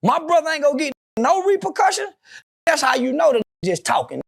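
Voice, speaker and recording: Brash, profane man with a high voice. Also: very animated, brisk, vocal fry, a bit bright. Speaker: interview guest. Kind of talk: casual interview talk.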